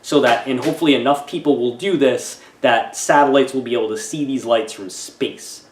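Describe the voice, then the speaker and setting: A man reviewing a film in a casual, sarcastic rant, halting often and restarting his sentences. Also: medium pitch, reverberant.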